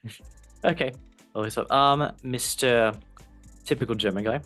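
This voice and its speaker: A man's voice: medium pitch, normal speed, fairly bright tone, soft background music. A man hosting a casual football podcast, reading news items aloud and cutting in with joking asides. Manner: jokey, loose, asides while reading. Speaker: podcast host.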